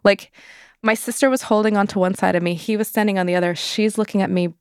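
Gravelly candid young woman. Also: medium pitch, fairly even intonation, fast, darkish tone, dry recording, studio quality. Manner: candid, frequent "like" fillers. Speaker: interview guest. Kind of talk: personal storytelling interview.

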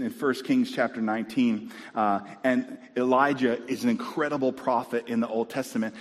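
A male pastor preaching a sermon, animated and calling out to his congregation. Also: medium pitch. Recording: long reverb in a church hall.

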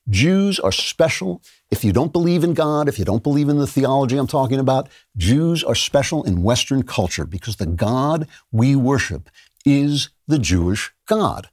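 A man's voice: medium pitch, big pitch swings, normal speed, darkish tone, dry recording, studio quality. A middle-aged man hosting a podcast, delivering an emphatic opinion monologue in a lecturing way and laughing now and then. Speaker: podcast host.

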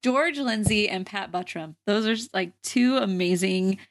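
A woman's voice: medium pitch, measured pace. A young woman co-hosting a podcast, chatting casually about a movie, laughing often and saying "like" a lot. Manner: giggly, lots of "like" and laughter. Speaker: podcast co-host.

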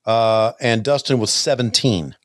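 A man's voice: medium pitch, no room sound, clean studio sound. An older man hosting a podcast, chatting casually and stammering over old wrestling footage. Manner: halting, stammering, chuckles often. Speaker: podcast host.

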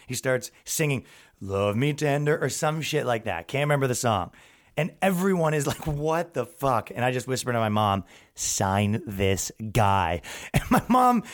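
Young guy podcast host, kinda high voice, swears a lot, does little voices for people in his stories. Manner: animated, profane, quotes people in acted voices. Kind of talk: casual storytelling rant.

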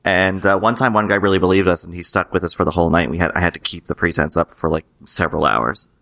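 A man with a very deep voice and a bright, forward tone talks fast as a podcast co-host. He works through his thoughts in loose, searching phrases. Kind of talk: casual TV recap discussion.

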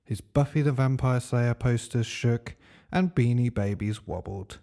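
A man narrating a comic story in a dry, deadpan way. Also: medium pitch, unhurried.

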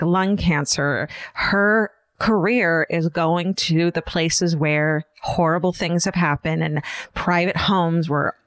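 A woman with a fairly low voice chats casually as a podcast co-host. She is animated and swears freely, and the sound is dry and close. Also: no echo. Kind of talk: casual chat.

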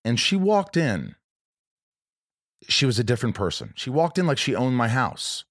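A man's voice: mid-range voice, moderate pace, no room sound. Rambling man telling a story, dry close sound. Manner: rambling, many restarts, animated retelling of quotes. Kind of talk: casual storytelling chat.

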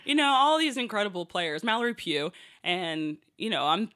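Bright-voiced woman telling a lively story. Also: mid-range voice, normal speed. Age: 30s. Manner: animated, laughing storyteller with many fillers. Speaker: guest soccer player. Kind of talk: casual storytelling.

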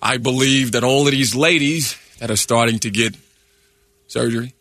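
A man doing an impression of a famous older male film actor, talking slowly and teasingly and tagging lines with "huh?". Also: mid-range voice, fairly even intonation, a bit bright, dry recording. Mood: sly. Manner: slow, teasing, keeps asking "huh?". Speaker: comedian guest. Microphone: studio microphone.

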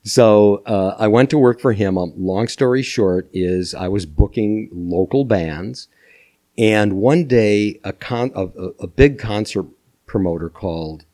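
Older man with a low voice, telling lively stories. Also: measured pace. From Minnesota. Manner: animated anecdote-telling, chuckling. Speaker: podcast guest. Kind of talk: storytelling interview.

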